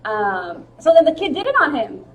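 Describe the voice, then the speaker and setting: A woman in a casual chat, telling stories about her jiu-jitsu competitions, lively and laughing as she acts out what people said. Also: high-pitched, normal speed, phone-quality sound. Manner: animated, laughing, acts out quotes. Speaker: jiu-jitsu fighter, guest.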